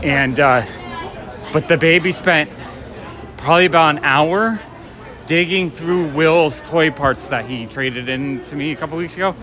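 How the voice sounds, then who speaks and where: A man's voice: fairly high pitch, measured pace, bright, forceful tone, a faint crowd. Chatty man on a street walk. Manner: rambling, chatty storytelling with laughs. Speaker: vlogger and toy shop owner. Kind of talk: casual walk-and-talk vlog. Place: outdoors on city streets.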